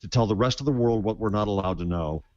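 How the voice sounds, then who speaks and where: A man's voice: fairly low pitch, fast talker, a little mellow, highs cut off. A man co-hosting a casual tech panel chat, giving indignant, emphatic opinions over a laptop mic. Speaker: co-host.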